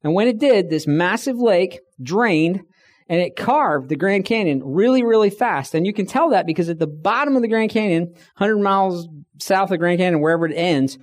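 This middle-aged speaker has a high-pitched voice, lively intonation, and a moderate pace. He gives a conversational talk to a room full of stories, acting out the people he quotes, and notes that he's tired.

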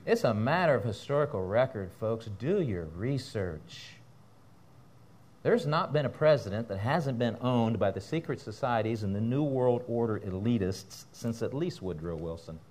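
A male pastor preaches with fiery energy, his pitch leaping and swooping as he goes. He tosses in laughing asides to the congregation. His voice sits in a middling register. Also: animated, normal speed, a little mellow. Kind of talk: sermon. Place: church.

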